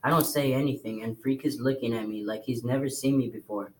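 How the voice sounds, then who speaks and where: A man reading a novel aloud to a class in plain, steady storytelling. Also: medium pitch, a little fast, low-quality recording. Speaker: reader.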